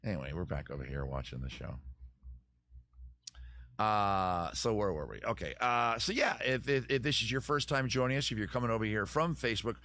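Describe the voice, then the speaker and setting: A man's voice: fairly low pitch, lively intonation, a little fast, sharp tone, dry recording. A man hosting his live-stream chat show close to the microphone, rambling, joking and poking fun at himself. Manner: rambling, joking and self-mocking.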